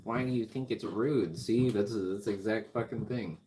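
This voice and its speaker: A man's voice: on the low side, normal speed. A man talking in a casual, rambling monologue, riffing and swearing freely. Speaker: music vlogger. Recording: clicking background noise.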